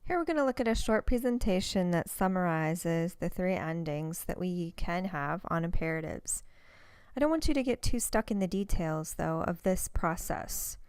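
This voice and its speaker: A woman teaching a recorded language lesson, explaining step by step and saying example words slowly and carefully. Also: lowish voice, lively intonation, a little mellow, clear, resonant tone, no room sound.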